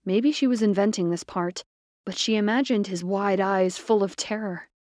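A woman narrating a short story in a measured, expressive reading. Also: medium pitch, no room sound, studio quality. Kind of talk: scripted fiction narration.

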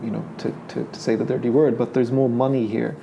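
A man's voice: medium pitch, little pitch movement, fairly quick, vocal fry, warm tone, a little hiss or hum. A middle-aged Irish man, his accent carrying an English lilt, talking casually about his life in an interview, hesitant and full of restarts. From Ireland. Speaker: painter being interviewed.

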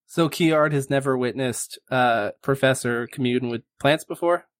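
A man's voice: mid-range voice, a little slow, no echo. Casual man running a tabletop game. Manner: casual, swearing, filler-heavy narration. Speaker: game master.

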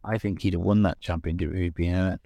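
A man's voice: low voice, steady tone, fast talker, vocal fry, warm tone, no room sound. A man co-hosting a motorsport podcast, hesitant and thinking aloud with many restarts. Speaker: podcast co-host. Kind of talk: casual chat.

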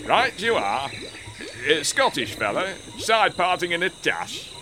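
Yorkshire man, sketch comic, blunt and gruff, high lively voice, noisy recording with crickets behind. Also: unhurried. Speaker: comedy sketch performer. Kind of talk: comedy sketch acting.

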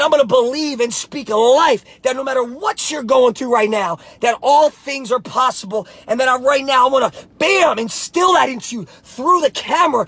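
A man with a very high voice delivers a fervent motivational pep talk straight to camera. He often shouts, hammers his slogans again and again, and calls the listener baby. The sound is close and dry, with no room around it. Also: husky, no room sound. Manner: repeats slogans emphatically. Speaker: life coach and motivational speaker.

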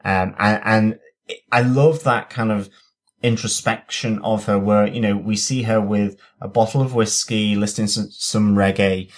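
A man's voice: lowish voice, steady tone, normal speed. A man co-hosting a podcast, rambling through his thoughts with fillers and stammering restarts. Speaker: podcast co-host. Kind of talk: casual review chat.

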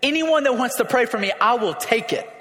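High, bright-voiced preaching man. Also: expressive, fairly quick, a little hiss or hum. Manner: emphatic, repeats phrases, calls for congregation response. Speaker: pastor. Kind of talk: sermon. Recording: echoey hall with long reverb.

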